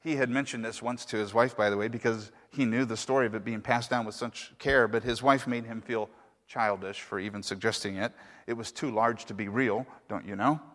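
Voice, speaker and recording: A man's voice: lowish voice, steady tone, brisk, fairly bright tone. A man pastor preaching a sermon, telling a story in a conversational way with asides to the congregation. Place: church sanctuary. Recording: echoey hall reverb.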